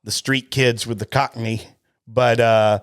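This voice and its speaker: A man's voice: mid-range voice, level tone, measured pace, dry recording. A man co-hosting a casual whiskey podcast, opinionated and joking, with many restarts, on a close studio mic. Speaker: podcast co-host.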